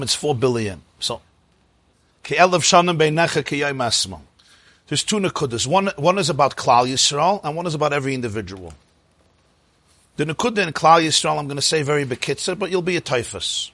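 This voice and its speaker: A man's voice: medium pitch, fairly bright tone, husky, no echo. A man giving a spoken Torah lecture, emphatic and repeating phrases for stress. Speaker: teacher of a religious class.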